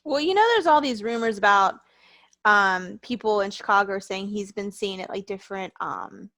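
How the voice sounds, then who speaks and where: A woman co-hosting a podcast in casual chat, telling stories in an animated, gushing way. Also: medium pitch, normal speed. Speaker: podcast co-host. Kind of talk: casual chat about wrestling.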